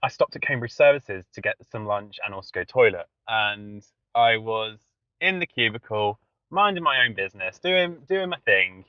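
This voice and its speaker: A man's voice: on the low side, animated, normal speed, smooth, no echo, muffled recording. A man co-hosting a casual podcast chat, telling stories animatedly with frequent laughs and swearing. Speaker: podcast co-host.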